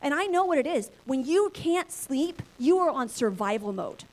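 A woman in her thirties, a pastor, preaching through a lively personal story and acting out her own inner voices. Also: high-pitched, moderate pace. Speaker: pastor and church planter. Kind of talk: sermon storytelling.

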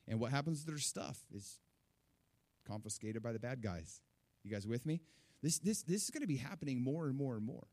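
A middle-aged man preaching a sermon to his church, animated, with rising emphasis and repeated words. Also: mid-range voice, fairly quick. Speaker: pastor.

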